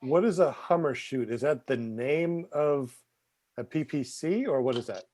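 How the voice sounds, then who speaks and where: Man, podcast host, mid-pitched voice, casual, moderating. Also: lively intonation, measured pace, a little mellow. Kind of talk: casual group chat.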